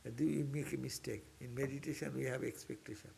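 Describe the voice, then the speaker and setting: A man's voice: medium pitch, fairly even intonation, quick pace, creaky, dark tone, a little hiss or hum. A man, a monk, giving an informal scripture class in an earnest, exhorting way that repeats key points. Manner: earnest, repetitive, exhorting, with sudden upward bursts. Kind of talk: informal spiritual class lecture.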